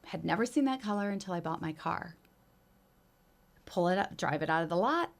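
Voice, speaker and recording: A woman co-hosting a casual podcast, explaining ideas calmly through an everyday example. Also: lowish voice, brisk, gravelly. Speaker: podcast co-host.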